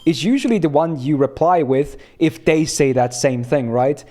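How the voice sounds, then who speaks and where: A man's voice: on the high side, moderate pace, mellow. A young man from Finland chatting casually on a game stream, rambling and laughing as he answers chat.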